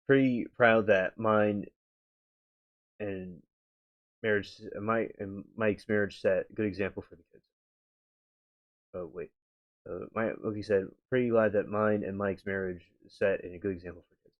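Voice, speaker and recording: A man hosting a live stream, reacting casually to chat, halting and meandering with many restarts. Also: lowish voice.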